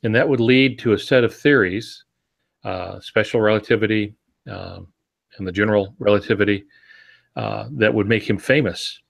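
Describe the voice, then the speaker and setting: A man's voice: lowish voice, moderate pace, gravelly. A man co-hosting a podcast about writing, talking casually and thoughtfully and explaining his points with frequent ums and restarts. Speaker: podcast co-host.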